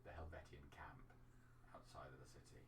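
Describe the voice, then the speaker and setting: Deep-voiced game master. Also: male voice, quick pace. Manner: relaxed, hesitant with ums. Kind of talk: narrating a tabletop game. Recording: echoey room from far off with noise.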